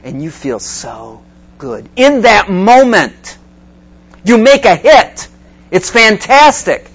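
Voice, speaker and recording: A man preaches with a high, bright voice that swings widely up and down. He jokes with and teases his listeners, then builds his stories into excited, rising peaks. The delivery is a playful, storytelling sermon. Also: slow pace, a little hiss or hum. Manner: joking, teasing the audience between scripture points. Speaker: pastor. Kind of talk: sermon to a youth group.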